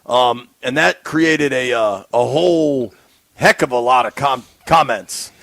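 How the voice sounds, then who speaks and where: A man's voice: mid-range voice, measured pace, gravelly, a bit bright, no echo. A man co-hosting a sports radio show, chatting casually with frequent ums and easy laughter. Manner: laughs easily, hesitant with fillers. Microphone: studio microphone.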